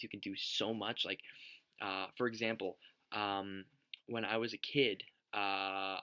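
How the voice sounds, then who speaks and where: A man's voice: lowish voice, pushed and bright. A young man answering tag questions on a vlog, rambling, joking and swearing a lot. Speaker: vlogger.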